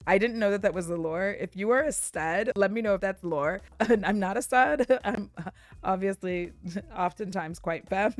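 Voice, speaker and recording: A woman's voice: medium pitch, measured pace, dry recording. A young woman streamer recapping a show in a giggly, chatty way, laughing often. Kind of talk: casual recap chat.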